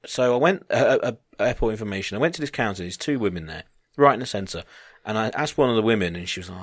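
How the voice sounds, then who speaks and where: A man's voice: lowish voice, quick pace, slightly rough, no room sound, studio quality. A man telling a long, sweary anecdote in casual chat, doing voices of the people in it. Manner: animated anecdote-teller, swearing, mimicking others.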